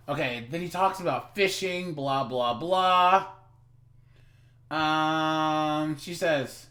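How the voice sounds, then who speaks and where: A man with a fairly high voice speaks slowly while reacting to a video on a livestream. His commentary is animated and chatty, and he often calls out to his viewers, addressing them as "guys."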